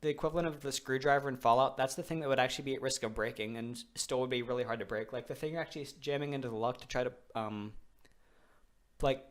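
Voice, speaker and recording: A man's voice: medium pitch, fast. A young man giving casual, rambling commentary while playing a video game, swearing loosely. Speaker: let's play host.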